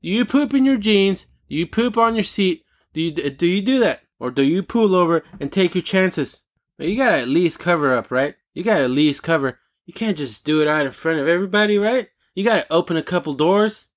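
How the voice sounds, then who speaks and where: A man hosting a talk show alone, ranting in a casual, animated and indignant way, swearing freely. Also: sits high, brisk. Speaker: podcast host. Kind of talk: casual solo rant.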